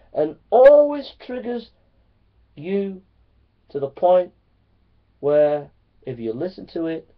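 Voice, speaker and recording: A man preaching a sermon to fellow preachers, earnest and repetitive, swinging between loud emphasis and hushed lines. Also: high-pitched. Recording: dull lo-fi recording.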